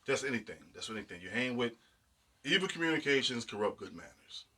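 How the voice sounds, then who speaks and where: A man's voice: mid-range voice, sing-song, fairly quick, pushed and bright. A man co-hosting a podcast in casual chat, making his points emphatically, as if lecturing. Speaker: podcast co-host.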